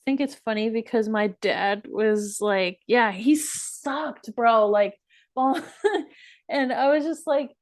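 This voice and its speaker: A young woman co-hosting a podcast, chatting casually in a relaxed, giggly, self-deprecating way. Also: a little high, slow pace. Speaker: podcast co-host. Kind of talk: casual chat.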